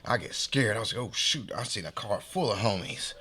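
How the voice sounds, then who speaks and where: A man with a fairly low voice and a breathy edge speaks briskly as he hosts a podcast. Animated and slangy, he recounts a street story and impersonates the people in it.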